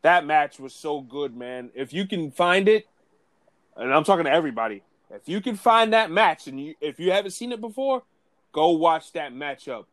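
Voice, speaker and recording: A man's voice: on the high side, moderate pace, no room sound. Laid-back man chatting about wrestling. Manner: relaxed, laid-back, with filler words. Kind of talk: casual wrestling podcast chat.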